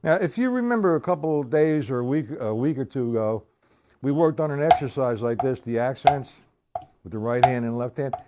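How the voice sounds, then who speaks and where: Chatty drum teacher with a lively voice. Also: male voice, mid-range voice, a little fast, over loud music. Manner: chatty, explains step by step, counts beats aloud. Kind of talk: live-streamed drum lesson.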